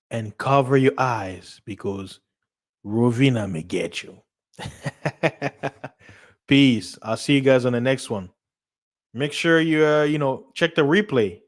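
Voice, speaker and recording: A man hosting a casual livestream, rambling, repeating himself and laughing often. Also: medium pitch. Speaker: livestream host.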